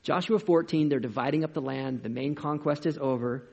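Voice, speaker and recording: A man preaching a sermon as a pastor, in an energetic, conversational way with rhetorical questions, in a dull lo-fi recording. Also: a little high, fairly quick, gravelly.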